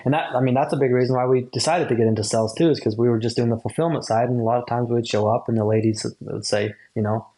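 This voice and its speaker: Man, podcast host, casual and loose, swears, middle pitch. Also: fairly even intonation, fast talker, few pauses, warm tone, rough recording. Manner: casual, swears, acts out quotes.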